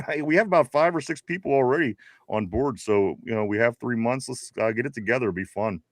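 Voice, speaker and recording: A man's voice: medium pitch, brisk, dry recording, studio quality. A man with a Pittsburgh accent hosting a casual live stream, reading viewer comments aloud with frequent laughs. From Pittsburgh area. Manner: laid-back, laughs often, reads chat messages aloud. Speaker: podcast host.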